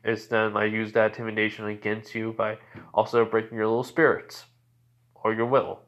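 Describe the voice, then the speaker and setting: A man's voice: lowish voice, completely flat delivery, moderate pace, a bit bright, lo-fi sound. A man voicing a taunting, smug young vampire man who sneers and mocks theatrically.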